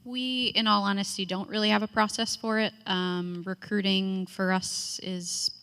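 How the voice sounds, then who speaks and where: A woman speaking as a Division One college coach on a panel, measured and frank. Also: mid-range voice, steady tone, vocal fry, fairly bright tone, smooth, big-room sound. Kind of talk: panel discussion.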